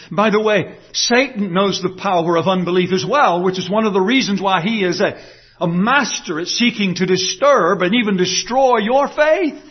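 A pastor delivers an earnest, emphatic sermon, pressing his listeners with rhetorical questions. His voice is high for a man, with a husky edge. The recording sounds dull and muffled.

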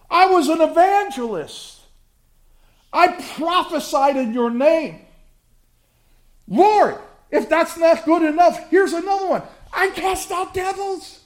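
A man's voice: very high voice, voice pushed up. A preacher acting out a frantic self-righteous man begging. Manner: frantic, insistent pleading, rising to shouts. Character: desperate self-righteous man pleading before God.

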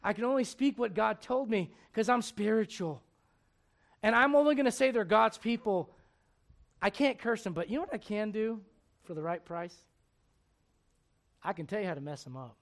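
A man's voice: sits high, expressive, moderate pace, gravelly, pitched above the performer's own voice. A male preacher voicing a scheming prophet-for-hire as a casual, wheedling man in a sermon retelling. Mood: sly.

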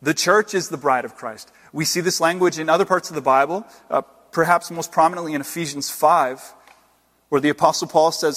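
A male pastor preaching an earnest sermon, swinging between loud exclamations and hushed, slowed emphasis. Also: on the high side. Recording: long hall reverb.

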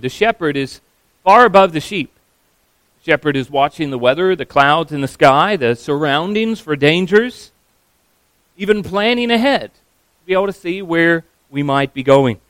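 A man preaching a sermon as a pastor, earnest and emphatic, slowing down on key phrases. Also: on the high side, a bit bright, smooth, dry recording, poor audio.

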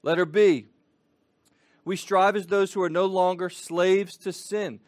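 A man teaching a catechism lesson to families, explaining patiently and slowing down for the children. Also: high voice, fairly even intonation, no echo.

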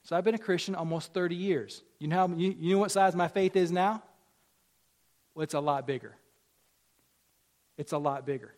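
A man's voice: on the high side, normal speed, pauses often, a little mellow. A man in his forties preaching a sermon in a conversational way, repeating phrases and rising for emphasis. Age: 40s. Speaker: pastor.

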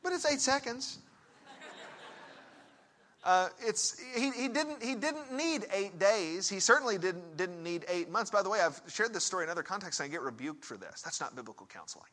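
Lively, bright-voiced male preacher. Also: sits high, normal speed. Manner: conversational, asks the audience direct questions; swings between hushed and emphatic. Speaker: pastor and counselor. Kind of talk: sermon told as a story.

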